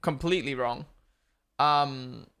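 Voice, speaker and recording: In a clean, sharp, mid-range voice, a young man speaks slowly while hosting a live watch-along. He answers viewers casually and curses freely. He was born in Australia and grew up in New Zealand, so his accent is a mix of both.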